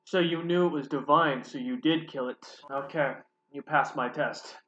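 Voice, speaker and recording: A man's voice: fairly high pitch, moderate pace, a bit bright, dull audio, lightly acted. A man voicing a stern half-illithid guard. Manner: telepathic, formal, commanding.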